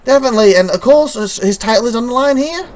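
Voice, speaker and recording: An excitable commentator calling a wrestling game with a lively, bouncing voice. The exclamations come thick and fast. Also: medium pitch. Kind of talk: playful play-by-play commentary.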